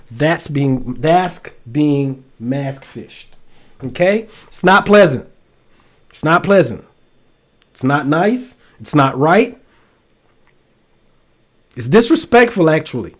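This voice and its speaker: A man's voice: on the high side, takes it slowly, pauses often. Joking American man with a drawl. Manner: joking, animated, talks straight to viewers. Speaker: host. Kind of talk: casual livestream chat.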